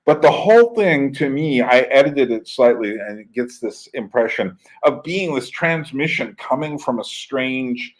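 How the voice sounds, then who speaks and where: A man talks casually as the host of an internet radio stream, in a voice of ordinary pitch for a man. He rambles from one memory to the next, doubling back on his words and filling gaps with "uh" and "um". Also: animated, measured pace, few pauses, low-quality recording. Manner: rambling, with many fillers and restarts. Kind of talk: casual storytelling monologue.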